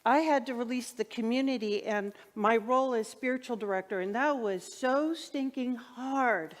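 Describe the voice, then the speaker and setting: A middle-aged woman minister with a fairly high voice delivers a heartfelt sermon in a conversational tone, often turning to the congregation with questions. Her words ring out with a long reverb in the church sanctuary. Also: normal speed.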